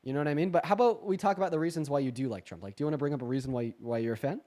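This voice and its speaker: Young man, livestream debate host, high voice, rapid animated talk, casual fillers. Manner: fast, animated, swears, many fillers.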